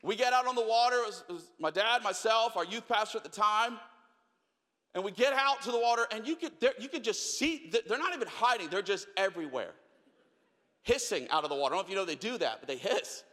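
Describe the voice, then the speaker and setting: A young man preaching a sermon, telling a story with acted-out voices, then dropping to quiet questions. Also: high voice, lively intonation, quick pace. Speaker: pastor. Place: large church hall. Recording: long hall reverb.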